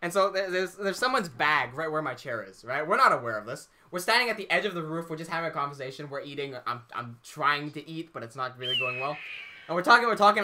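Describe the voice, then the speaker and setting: A young man hosting a livestream, casually telling an animated story, laughing often and swearing freely. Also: sits high. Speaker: livestream host.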